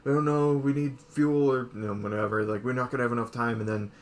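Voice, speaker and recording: A man co-hosting a casual chat, retelling scenes in a rambling way full of "like" and quick quoted voices. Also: medium pitch, steady tone. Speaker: podcast co-host.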